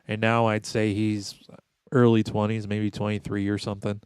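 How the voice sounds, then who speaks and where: A man's voice: fairly low pitch, flat delivery, normal speed, darkish tone, smooth, no echo. A man in his thirties telling a story with sarcastic asides in a casual podcast chat. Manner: wry, sarcastic storyteller, mimics people he meets. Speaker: podcast co-host.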